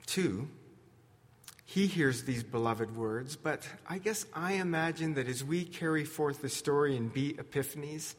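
Slow, earnest male pastor in a reverberant hall. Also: mid-range voice. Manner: earnest, building to emphatic questions then dropping to soft quiet lines. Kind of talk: sermon. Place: church sanctuary.

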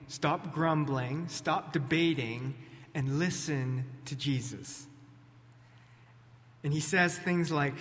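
A male pastor delivers a sermon into a pulpit microphone, sounding relaxed and conversational and slipping in small jokes and restarts. His voice sits a little high for a man. A long reverb from the large church sanctuary trails each phrase.

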